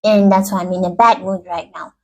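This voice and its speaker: A woman's voice: fairly low pitch, steady tone, brisk, darkish tone, rough recording. A woman voicing an upset young child complaining to their mother, repeating how angry they are. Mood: indignant. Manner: indignant, repetitive complaining.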